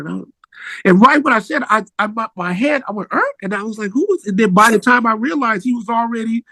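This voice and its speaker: A middle-aged man with a high voice tells a story to his interviewer. His talk is casual and animated, and it leaps upward when he gets excited. The sound is dry and close, with no room echo. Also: fairly quick. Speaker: musician guest.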